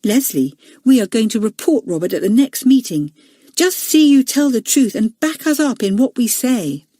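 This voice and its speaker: A woman's voice: on the high side, animated, moderate pace, dark tone, no echo, clean studio sound, pitched above the performer's own voice. A woman doing a spirited, indignant schoolgirl. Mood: scornful.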